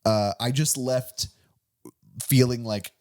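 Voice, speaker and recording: A man hosting a casual movie review chat, excitedly recapping a plot with lots of fillers and restarts. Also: medium pitch, slow. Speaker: movie review podcast host.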